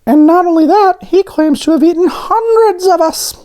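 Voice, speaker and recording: A man voicing an anxious talking doughnut in a storybook read-aloud, squeaky and urgent. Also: normal speed, a little mellow. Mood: alarmed.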